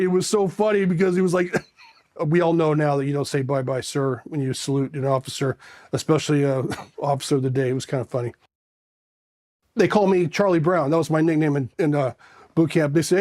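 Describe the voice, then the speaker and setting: Middle-aged man, interview guest, casual animated storyteller, higher register. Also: fairly quick. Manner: animated, acts out quoted voices.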